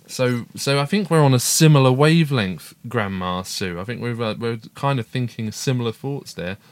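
A man's voice: medium pitch, expressive, normal speed, no room sound. A middle-aged man co-hosting a casual family podcast, chatty and upbeat as he reads out listener emails. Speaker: podcast co-host, father.

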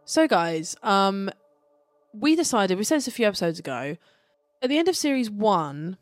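A woman's voice: mid-range voice, very animated, moderate pace, dry recording, soft background music. Woman podcast co-host, rambly and enthusiastic, casual chat; dry, close recording. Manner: chatty, rambling, frequent ums and restarts.

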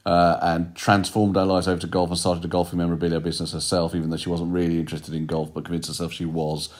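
Man, low voice, casual podcast chat, animated storyteller. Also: fast talker. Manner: animated storytelling, quotes people in put-on voices.

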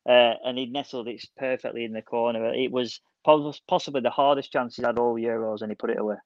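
With a mid-range voice and no room sound in a dull, dry recording, this co-host of a casual football podcast tells stories excitedly. His quick restarts mid-sentence come up often.

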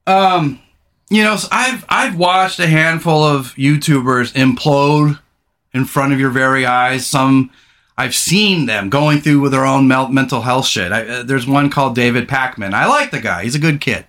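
A middle-aged man hosting a podcast in casual chat, rambling, candid and quick to swear. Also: mid-range voice, fairly bright tone. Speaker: podcast host.

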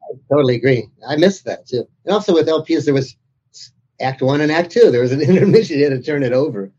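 A man being interviewed about his book tells amused, anecdotal stories. His voice is husky and mellow, and the recording sounds dull and lo-fi. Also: on the high side, lively intonation, fast. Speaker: author and interviewer guest. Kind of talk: casual interview chat.

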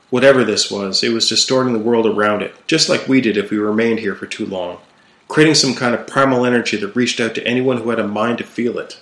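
A young man narrating a first-person horror fantasy story in a measured, dramatic storytelling manner. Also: on the low side, fairly bright tone. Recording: roomy echo.

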